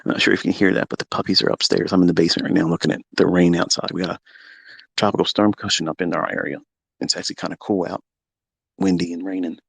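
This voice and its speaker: A middle-aged man, a trading mentor, talking unfiltered in a live audio room from his home basement, blunt and heavily profane, at times breaking into heated yelling. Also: deep voice, level tone, fast, gravelly, slightly rough, no room sound.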